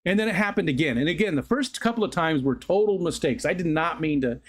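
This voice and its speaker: Man, middle-aged, livestream host, casual chat, rambling, self-correcting, fairly high voice. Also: lively intonation, quick pace. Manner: rambling, self-correcting, laughs at own stories.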